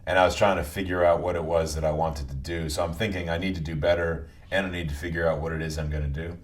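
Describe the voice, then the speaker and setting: A man from New England, a podcast guest, telling his story in a relaxed way with frequent restarts and a softened New England Italian American accent. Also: sits low, fast talker. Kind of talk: conversational interview.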